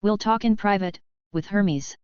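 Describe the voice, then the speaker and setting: A woman's voice: mid-range voice, unhurried, darkish tone, clear, resonant tone, dry recording, dull audio, close to an everyday voice. A woman voicing a confident young man who leads his group, speaking bluntly and in a businesslike way.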